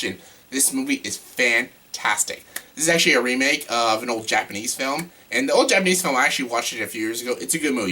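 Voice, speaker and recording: A man casually ranking his favorite films in a vlog, gushing and excitable, with casual swearing. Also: medium pitch. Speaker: movie reviewer.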